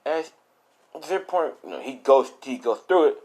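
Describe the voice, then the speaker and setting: A man improvising a fan-made story out loud, rambling and full of fillers. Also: mid-range voice, expressive, moderate pace.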